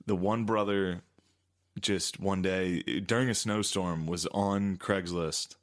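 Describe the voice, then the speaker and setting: Lower-voiced man chiming in with quips. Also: steady tone, takes it slowly. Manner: chiming in with short quips and laughter. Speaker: podcast co-host. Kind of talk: casual chat. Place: podcast studio.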